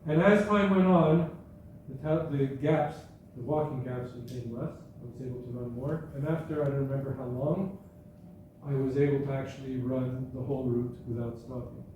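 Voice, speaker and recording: A guest speaker with a medium-pitched, darkish voice talks at normal speed to an audience at a school gathering hall, conversational and anecdotal, with frequent mid-sentence self-corrections. The audio has its highs cut off, sounds echoey, and was recorded far from the mic with faint background noise.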